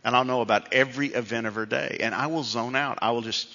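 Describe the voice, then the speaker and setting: A middle-aged pastor preaches a sermon, telling stories in a conversational, self-deprecating way. His mid-range voice is steady and sharp, and he talks fast. The recording has a dull, reverberant hall sound.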